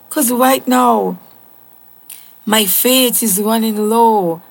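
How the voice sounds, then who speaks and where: A woman's voice: fairly high pitch, drawn-out words, vocal fry, pauses often. A woman giving a devotional Bible teaching, earnest and conversational with casual asides.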